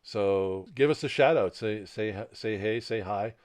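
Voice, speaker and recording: A man's voice: on the low side, a little slow, a little mellow. Rambling man co-hosting a podcast. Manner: rambling, repeats words as he restarts. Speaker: podcast co-host. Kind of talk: casual chat. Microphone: laptop mic.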